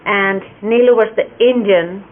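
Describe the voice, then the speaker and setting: An older woman speaks in a gentle, unhurried way, explaining and demonstrating gestures as she reminisces. Her voice sits in a middle register. It comes through a thin, phone-like old recording with a faint hiss underneath. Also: mid-range voice. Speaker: speaker recalling a spiritual teacher.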